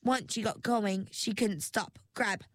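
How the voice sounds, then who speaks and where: Woman storyteller, slow measured storybook narration, dry close sound. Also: medium pitch, dry recording. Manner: measured, expressive reading.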